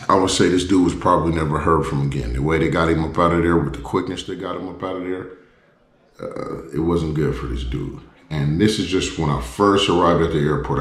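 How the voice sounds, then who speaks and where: A man's voice: extremely low pitch, echoey room. A man who vlogs about travel, telling a story bluntly and conversationally. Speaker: travel vlogger. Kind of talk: casual storytelling to camera.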